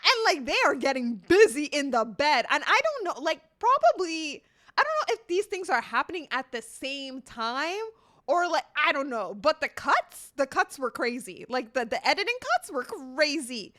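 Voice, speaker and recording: A young woman in her twenties chatting casually with her viewers as a livestreamer, telling stories in an animated, laughing way with some swearing. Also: sits high, normal speed.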